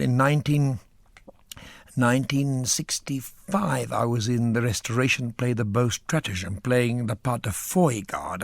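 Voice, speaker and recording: A man's voice: medium pitch, vocal fry, dry recording. An older man, an actor, telling theatre anecdotes in a flamboyant, theatrical way. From South Africa. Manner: animated, theatrical storyteller with flamboyant asides. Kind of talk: theatrical anecdote in a radio interview.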